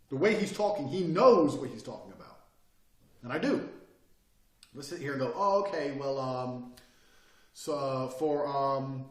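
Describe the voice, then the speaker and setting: A man teaching a course on body language and speaking, brash and profane, pushing his points hard and mocking people who hesitate. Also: fairly high pitch. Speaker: online course presenter. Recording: roomy echo, mic at a distance.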